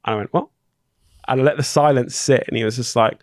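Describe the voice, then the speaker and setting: This Englishman from Dorking is a guest on a podcast, chatting casually and telling stories with lots of energy. He talks fast in a mid-range voice, animatedly acting out the other person's lines as he retells things. The recording is dry and studio-clean.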